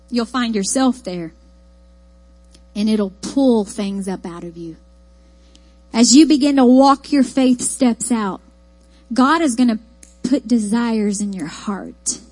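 A woman with an East Texas accent, preaching a sermon in a folksy, animated storytelling way. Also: fairly high pitch, dry recording, poor audio.

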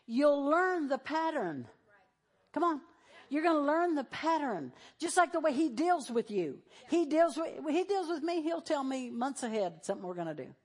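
A middle-aged woman pastor delivers a sermon with a high, bright-pitched voice. She preaches conversationally, talking straight to her congregation and acting out the voices she quotes. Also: sing-song, normal speed.

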